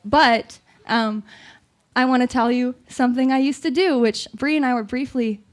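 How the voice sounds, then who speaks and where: A woman hosting from a small live venue stage, fighting back tears as she talks. Her voice sits a little high, and she rambles, halts, and laughs her way through the emotion in casual on-stage chat. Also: steady tone, normal speed. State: tearful, on the verge of crying. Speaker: host and singer-songwriter.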